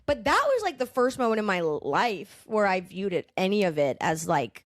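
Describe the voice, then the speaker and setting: A woman stand-up comedian from the Boston area, chatting casually as a podcast guest. She tells stories in an animated way, with a lot of fillers and frequent swearing. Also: medium pitch, moderate pace, no room sound, clean studio sound.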